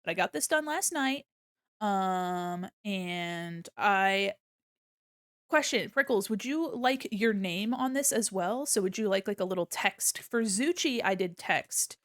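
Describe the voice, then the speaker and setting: A woman's voice: mid-range voice, expressive, a little slow, fairly bright tone, no echo, studio quality. A young woman chatting casually on a live art stream, playful and rambling, talking into a desk mic at home. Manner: chatty, playful, drifts into hums and silly sounds. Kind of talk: casual live-stream chat while drawing. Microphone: desk mic on a mic arm.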